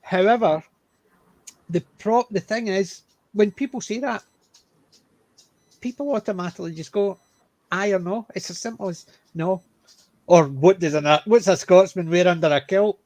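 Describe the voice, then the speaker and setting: A man's voice: high-pitched, moderate pace, long pauses, a little mellow, no room sound. A Scottish man chatting casually on a panel, explaining things at length. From Scotland.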